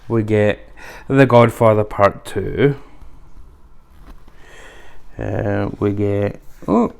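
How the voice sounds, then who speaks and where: Gravelly man rambling through an unboxing. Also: lowish voice, steady tone, drawn-out words, a little mellow. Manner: chatty, rambling, with frequent fillers. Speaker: video host. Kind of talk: casual unboxing review.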